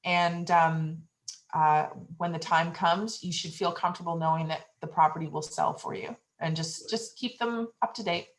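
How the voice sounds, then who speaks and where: A woman's voice: lowish voice, fairly even intonation, normal speed, poor audio. A woman leading a real estate training session on a video call, giving encouraging, conversational advice.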